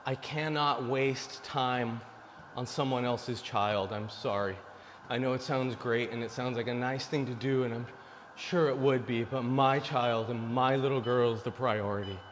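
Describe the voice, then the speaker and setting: In a large hall with slight background noise, a forties-aged man speaks to camera at a moderate pace and mid-range pitch, with fairly even intonation and hardly any pauses. His casual monologue offers male viewers blunt, preachy dating advice.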